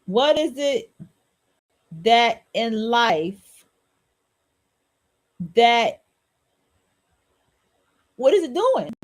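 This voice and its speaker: High-voiced woman ranting solo on her podcast, blunt and cussing, says everything twice. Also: big pitch swings, very slow, pauses often. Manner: blunt, repetitive, preachy and profane. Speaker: podcast host.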